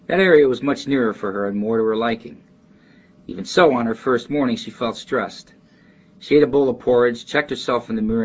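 Husky Chicago man, rambling. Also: medium pitch, dull audio. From Chicago, near West Side. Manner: rambling, with restarts and asides. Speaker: dialect archive speaker. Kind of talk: reading a passage, then casual talk.

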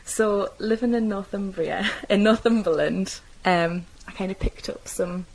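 Describing her own dialect, this young woman speaks at a measured pace in a steady, medium-pitched voice that's slightly rough. Her mild Geordie accent comes through as she recalls her upbringing casually, with many fillers and self-corrections. The audio quality is poor.

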